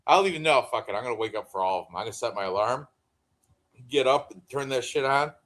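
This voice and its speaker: Man, 50s, co-host, casual rambling chat, frequent laughs, mid pitch. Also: expressive, quick pace, fairly bright tone. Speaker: podcast co-host.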